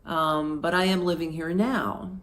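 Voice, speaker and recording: A polite, offhand middle-aged German man making friendly small talk, as a woman quotes him in her own slightly low voice. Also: steady tone, unhurried, a bit bright.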